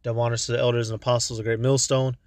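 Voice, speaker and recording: A man giving an informal, profane religious teaching from inside a car, blunt and halting, often stumbling over his words. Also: mid-range voice, level tone, a little mellow, no room sound. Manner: blunt and profane, with street slang. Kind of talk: informal preaching monologue.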